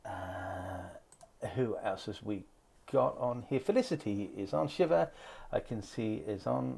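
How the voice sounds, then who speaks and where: Casting: male live-stream host, mid-pitched, chatty and rambling. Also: slow pace, creaky, warm tone. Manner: chatty, greets viewers by name, rambling asides. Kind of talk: casual live-stream chat reading out viewer comments.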